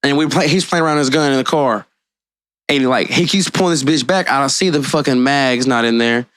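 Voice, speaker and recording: A man co-hosting a podcast in casual chat, telling stories in a profane, animated way. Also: mid-range voice, brisk. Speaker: podcast co-host.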